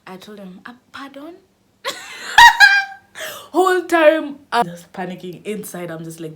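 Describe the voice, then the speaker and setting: A young woman vlogger telling a dramatic storytime, squealing into high cries as she acts out her panic. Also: normal speed, slight background noise. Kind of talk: animated storytime.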